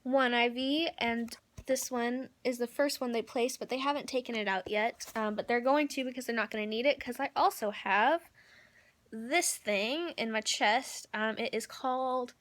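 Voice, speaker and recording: A woman's voice: on the high side, normal speed, a bit bright. Candid young woman vlogging from a hospital room. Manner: rambling, candid, filler-heavy with frequent ums and likes. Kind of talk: personal video update.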